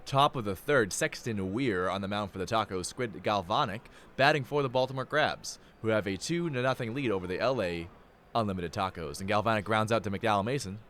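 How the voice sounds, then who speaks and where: A man's voice: fairly low pitch, a little fast, fairly bright tone, a little hiss or hum. A young man giving live play-by-play commentary, playful and jokey, with rambling asides. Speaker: play-by-play announcer.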